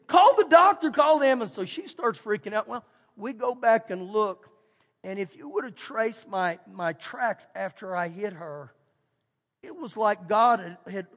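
A middle-aged Texan pastor with a fairly high voice preaches in a folksy, animated way, doubling his phrases as he tells a story. His voice rings with a long reverb from a large church hall. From Texas. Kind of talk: storytelling sermon. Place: church sanctuary.

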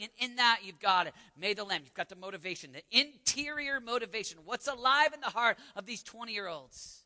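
A man with a Texan accent preaching a sermon as pastor, swinging from hushed lines to shouted ones in a large church hall. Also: extremely high pitch, expressive, brisk, few pauses. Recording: long hall reverb.

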